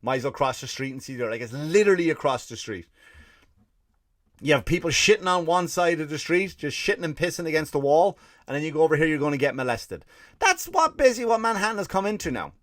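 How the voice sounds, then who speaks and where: A man's voice: a little high, fairly bright tone, dry recording, clean studio sound. An Irish man hosting a comedy podcast, telling a profane, ranting story and mimicking people in put-on voices. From Ireland. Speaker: podcast host. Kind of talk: comedic monologue.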